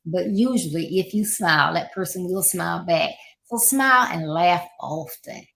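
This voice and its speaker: A woman's voice: lowish voice, normal speed, creaky, a bit bright. A middle-aged woman hosting a podcast, giving casual motivational advice and repeating her points with encouraging asides. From Florida, United States.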